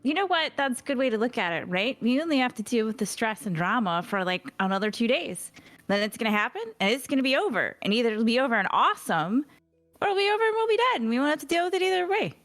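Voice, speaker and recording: A woman's voice: a little high, very animated, quick pace, fairly bright tone, faint music behind. A woman playing a tabletop game, chatting in an upbeat, joking way. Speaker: player. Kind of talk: casual tabletop play.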